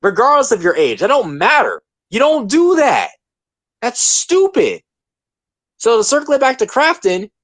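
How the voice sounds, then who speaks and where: A man's voice: extremely high pitch, no room sound. A man in his twenties hosting a casual opinion podcast, talking emphatically and ranting, repeating his points. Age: 20s. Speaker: podcast host.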